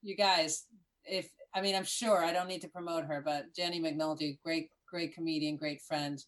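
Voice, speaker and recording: A woman's voice: sits low, steady tone, moderate pace, fairly bright tone. A woman comedian chatting effusively on a video call. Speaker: comedian guest. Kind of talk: casual chat.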